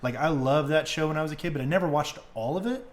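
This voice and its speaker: A young man hosting a podcast, retelling stories in casual, excitable chat full of fillers and swearing. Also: fairly high pitch, fast talker. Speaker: podcast host.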